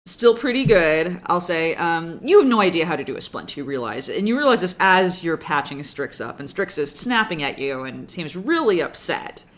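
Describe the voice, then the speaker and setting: Game master, tabletop narration, mid pitch, casual, meandering. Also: sing-song, normal speed, few pauses, a bit bright.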